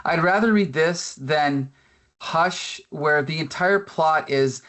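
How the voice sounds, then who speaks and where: A man's voice: on the high side, slow, a bit bright. Opinionated man arguing a comic take. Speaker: comic book podcast co-host. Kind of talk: casual review chat.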